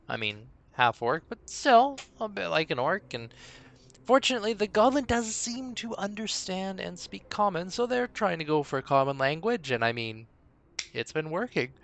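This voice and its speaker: A man's voice: on the high side, a bit bright, no echo. A man narrating a tabletop game as game master on a live stream, rambling, with many fillers and restarts.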